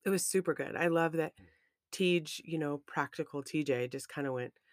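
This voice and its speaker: A woman co-hosting a podcast, talking in a casual, emotional and expressive way about a friendship. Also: low voice, normal speed, no room sound, studio quality. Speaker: podcast co-host. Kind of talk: casual chat.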